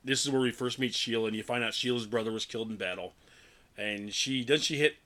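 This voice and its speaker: A man co-hosting a podcast, retelling a film scene by scene in a rambling, animated way. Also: mid-range voice, fast talker. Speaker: podcast co-host. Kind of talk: casual chat recapping a film.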